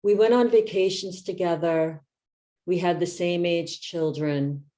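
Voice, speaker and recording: A woman in her fifties, a meditation teacher, giving a reflective talk in a gentle, soft-spoken way. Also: on the low side, steady tone, measured pace.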